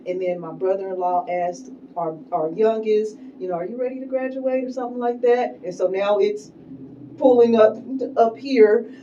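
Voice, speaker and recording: A woman's voice: mid-range voice, normal speed, dark tone. A middle-aged woman, a guest, telling a personal story in a casual way full of likes and ums. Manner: casual, filler-heavy, with many likes and ums. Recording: dull, distant sound with faint noise.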